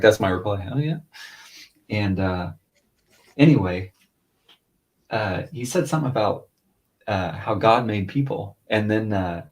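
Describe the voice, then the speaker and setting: A man's voice: fairly low pitch, darkish tone. A man in his thirties, a father telling a long story in casual chat, rambling and chatty, lifting his voice when he quotes others. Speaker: podcast co-host, father.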